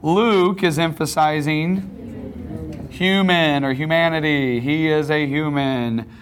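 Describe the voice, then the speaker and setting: A man's voice: on the high side, steady tone, slow pace, a little hiss or hum. A man teaching a class, lecturing in a conversational way and often checking in with questions.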